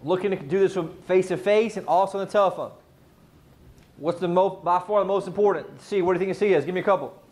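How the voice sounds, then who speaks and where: A man teaching a live sales training class, firing questions at the room and answering them himself. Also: high voice. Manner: energetic, quizzes the audience, rapid questions.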